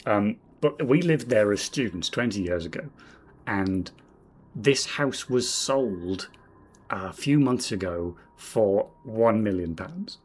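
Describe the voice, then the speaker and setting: A man in his forties from Northeast England with a southern English accent, streaming a game in casual commentary, rambling and self-deprecating, muttering quiet asides to himself. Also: lowish voice, lively intonation, slow pace, husky. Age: 40s. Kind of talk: casual game commentary while reading chat.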